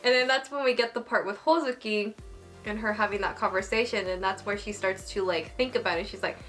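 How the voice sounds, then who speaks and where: A young woman giving a casual, excited episode review, gushing and saying "like" constantly. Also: mid-range voice, brisk, faint music behind. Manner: gushing, excitable, heavy use of "like". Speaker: anime reviewer.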